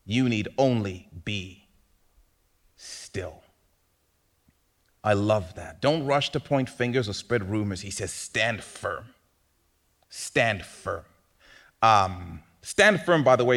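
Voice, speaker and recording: Animated preacher man, slow and lively. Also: medium pitch. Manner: animated, swings from hushed to loud bursts; conversational, asks rhetorical questions. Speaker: pastor. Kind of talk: sermon.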